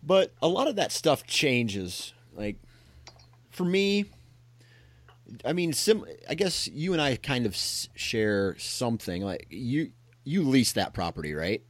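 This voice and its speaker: A man hosting a casual talk, reflective and halting, often restarting his sentences. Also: mid-range voice, big pitch swings, no room sound. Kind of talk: casual conversation.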